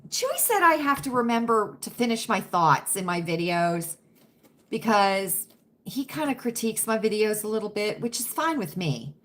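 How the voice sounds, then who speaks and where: A woman hosting a casual livestream chat with her viewers, who keeps asking "right?" and now and then drops into a hushed whisper. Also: mid-range voice, big pitch swings, moderate pace. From United States. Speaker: livestream host.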